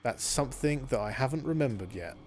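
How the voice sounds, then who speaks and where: A man's voice: mid-range voice, expressive, a little fast, a little mellow, slight background noise. A man streaming a shooter game live, rambling and joking, talking to the enemies on screen. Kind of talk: live gameplay commentary.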